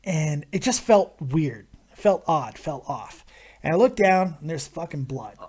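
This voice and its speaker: A man hosting a live stream, telling a crude story in a casual, animated way with constant swearing. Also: on the high side, measured pace. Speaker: host of a live viewer Q&A stream.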